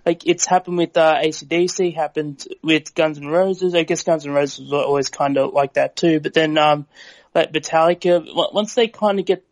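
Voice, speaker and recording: A man's voice: a little high, steady tone, moderate pace, dry recording. A man from Australia chatting casually on a podcast, hesitant and full of fillers. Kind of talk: casual chat.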